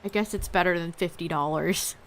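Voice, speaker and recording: A young woman live-streaming a game, chatting casually with her viewers, her voice going a little hoarse. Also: on the low side, moderate pace, fairly bright tone. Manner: laid-back, chatty, talks to chat. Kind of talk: casual live-stream chat while gaming.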